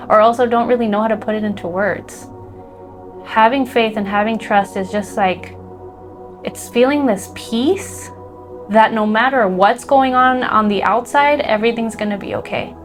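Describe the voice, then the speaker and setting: A woman spiritual teacher, emotional and close to tears, talking earnestly about faith and trust with many fillers and restarts. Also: medium pitch. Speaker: spiritual teacher and energy healer. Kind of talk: heartfelt spiritual talk to camera.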